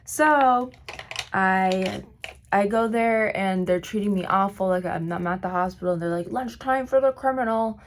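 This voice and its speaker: A woman vlogging while doing her makeup, telling a long personal story in a rambling, filler-heavy way, her voice slightly hoarse. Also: mid-range voice, fairly even intonation, a little slow, slight background noise. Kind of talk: get-ready-with-me storytime.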